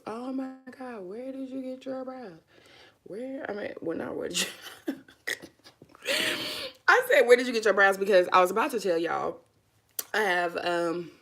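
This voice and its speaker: A woman's voice: lowish voice, gravelly, darkish tone. A young woman, chatting casually to viewers while doing her makeup, calling them honey and y'all. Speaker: vlogger. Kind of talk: casual makeup vlog chat.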